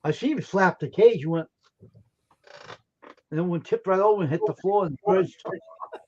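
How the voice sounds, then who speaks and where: A man co-hosting a livestream, telling crude, animated stories and laughing as he goes. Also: high voice, moderate pace, highs cut off, slight background noise. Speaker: livestream co-host. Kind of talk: casual storytelling chat.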